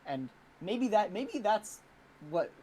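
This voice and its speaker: A podcast co-host with a mid-range voice, telling a story in fits and starts. Sentences restart and trail away softly as the thought wanders. Faint background ambience runs through the recording. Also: mid-range voice, big pitch swings, a little hiss or hum, rough recording. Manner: halting, restarts often, soft and trailing. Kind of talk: casual chat.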